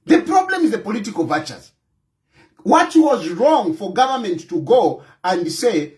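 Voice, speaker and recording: A man's voice: high-pitched, sing-song, unhurried, darkish tone, rough recording. A man with a Zambian accent, delivering impassioned political commentary in a scolding, combative tone and repeating his points for emphasis. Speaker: opposition party president.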